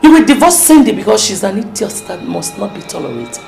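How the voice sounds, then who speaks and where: A woman's voice: medium pitch, sing-song, brisk, creaky, warm tone. An actress with a Nigerian accent playing a domineering, scornful wealthy mother-in-law in a film. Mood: commanding. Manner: scornful, commanding. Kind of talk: film acting. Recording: film soundtrack with music behind.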